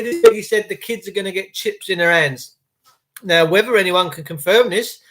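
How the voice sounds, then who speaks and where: A middle-aged man, podcasting in a blunt, animated rant and swearing freely. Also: high-pitched. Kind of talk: ranting monologue.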